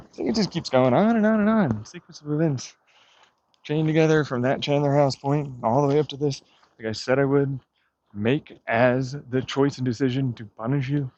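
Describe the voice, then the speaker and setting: A man's voice: medium pitch, darkish tone, no echo. A man vlogging outdoors while walking his dog, ranting in an agitated, profane way with bitter muttering. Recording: dull lo-fi dry sound.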